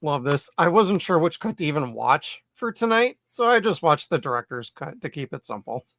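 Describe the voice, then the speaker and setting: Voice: mid-range voice, very animated, moderate pace, fairly bright tone, no echo, studio quality. A podcast host in a casual movie chat, chatty and swearing freely.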